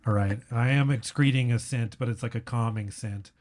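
Male comic guest, deadpan delivery, absurd tangents, mid-range voice. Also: mid-range voice, normal speed. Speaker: comedian guest. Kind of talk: casual podcast chat.

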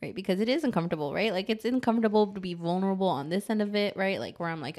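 A woman in her thirties co-hosting a podcast in casual chat, candid and quick to laugh, often checking in with "right?". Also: medium pitch, animated, a little mellow. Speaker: podcast co-host.

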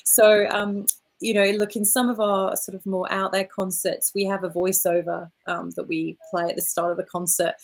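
An Australian woman, a founder, answering interview questions in an animated, storytelling way, acting out quotes and using fillers like "look" and "you know". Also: medium pitch, moderate pace. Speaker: orchestra founder, guest.

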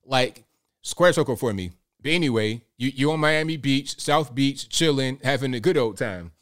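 A man's voice: medium pitch, normal speed. Rambling man hosting a commentary stream. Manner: rambling, digressive, addresses viewers directly. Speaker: livestream host. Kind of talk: casual political commentary.

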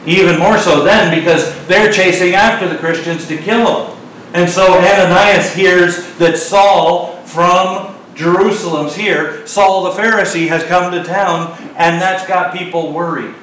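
Middle-aged preacher in an echoey hall. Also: male voice, high voice, a little slow, recorded from a distance, a little hiss or hum. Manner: conversational, joking asides, animated retelling. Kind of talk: sermon.

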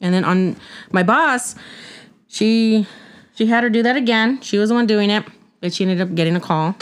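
A woman in a relaxed podcast monologue, talking in an everyday mid-range voice. She is blunt and exasperated, drops the odd swear word, and tells her story with animated, unfiltered candor. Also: mid-range voice, moderate pace, clean tone. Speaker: podcast host. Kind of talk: casual storytelling rant.

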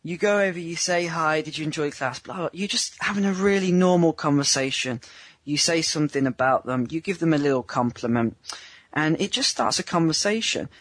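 Brit guy giving dating tips, kinda husky, plays out little lines in silly voices, dry close sound. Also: on the high side, fairly quick, a bit bright, no room sound. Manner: chatty, acts out little scenes in voices. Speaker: dating coach. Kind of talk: remote interview.

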